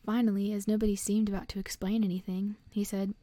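A woman narrating a storybook audiobook in a steady storytelling manner. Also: medium pitch, quick pace, hardly any pauses, no echo.

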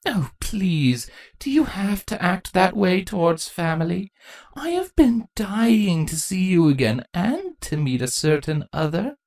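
A woman voicing a scheming older female changeling queen who speaks slowly with fake cheer, in a fan fiction reading. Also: on the low side, big pitch swings, darkish tone, no echo, voice pushed up, full character voice. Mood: mock sweet. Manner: slow, drawn-out fake cheer.

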